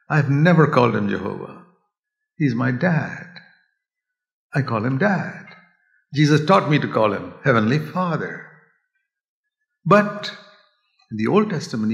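An older man preaching a sermon, earnest and pleading, dropping to a hush and then rising to a raised voice. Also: medium pitch, creaky, muffled recording. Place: church hall. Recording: echoey hall.

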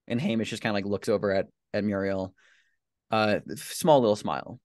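A man, a player in a tabletop role-playing game, narrating a scene in a halting way full of fillers and restarts. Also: fairly low pitch, a little mellow, no echo, studio quality.

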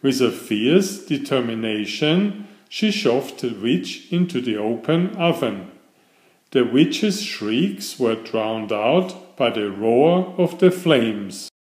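In an echoey room, a man reads a fairytale aloud, his scripted storybook delivery slow and expressive. His pitch is medium.

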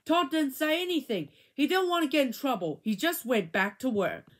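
A woman reading a children's chapter book aloud, with an expressive, animated delivery. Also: high-pitched, moderate pace. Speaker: reader.

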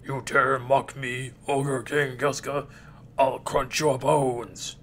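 A man voicing a huge, boastful male ogre king who growls out slow threats. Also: medium pitch, level tone, a bit bright, a little hiss or hum. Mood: menacing.

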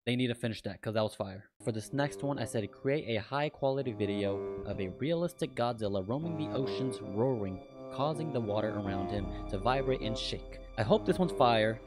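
Excitable man reacting over music. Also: mid-range voice, fairly quick, few pauses. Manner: excitable, swears freely, laughs often. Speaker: YouTuber reacting to AI videos. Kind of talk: casual reaction commentary.

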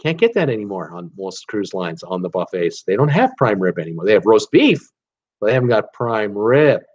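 A man's voice: fairly low pitch, very animated, fairly quick. Middle-aged guy rambling on about travel, lots of ums and restarts, wry opinions, kinda dull lo-fi sound. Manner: rambling and chatty, with many fillers and restarts. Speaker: travel vlogger. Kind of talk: casual chat. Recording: slightly dull lo-fi recording.

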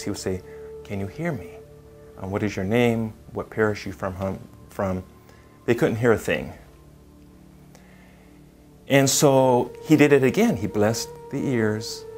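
Male priest, animated storyteller, chuckling often, documentary interview, faint music behind. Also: medium pitch.

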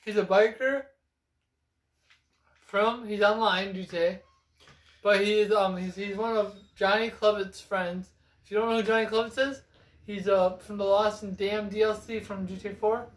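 A man's voice: high voice, steady tone, moderate pace. A young man chatting casually about video games as a co-host, rambling and self-assured. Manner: rambling, self-assured, claims insider knowledge. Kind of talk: casual gaming chat. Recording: echoey room.

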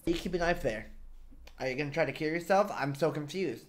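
A woman giving casual reaction commentary on an anime, excitable, swearing and repeating words in bursts. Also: deep voice, a little fast.

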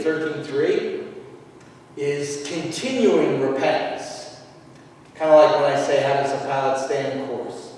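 A man preaching a sermon as pastor, emphatic and dramatic, with sudden loud outbursts. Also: on the high side, a little slow. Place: church sanctuary. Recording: echoey church hall from far off.

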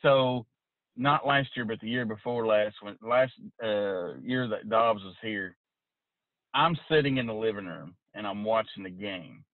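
A man hosting a podcast, telling stories in a casual, animated way. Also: on the low side, unhurried, no echo. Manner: animated storyteller. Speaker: podcast host. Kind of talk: casual chat. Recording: dry tinny phone-like line.

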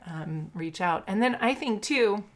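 A woman's voice: medium pitch, animated, unhurried. A middle-aged woman from California, a guest explaining things earnestly and steadily in a casual interview. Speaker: marketing guest.

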